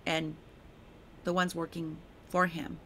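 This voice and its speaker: A woman's voice: low voice, flat delivery, slow, fairly bright tone, slight background noise. A woman hosting a devotional podcast who reads a prophetic word aloud and then talks about it informally. She speaks emphatically and repeats her key phrases with fervour. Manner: emphatic and repetitive, fervent; chatty and informal in her own remarks. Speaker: podcast host sharing prophetic words.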